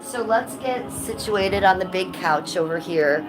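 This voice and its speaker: A woman's voice: lowish voice, animated, measured pace, poor audio. A middle-aged woman chatting casually on a livestream from her living room, blunt and given to swearing. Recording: music playing clearly behind.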